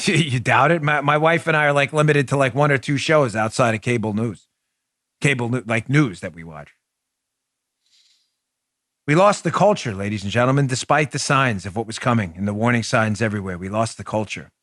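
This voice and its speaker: A man's voice: mid-range voice, fairly quick, fairly bright tone, dry recording, clean studio sound. A middle-aged man hosting a podcast, delivering a fired-up political commentary monologue with emphatic, repeated words. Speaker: podcast host.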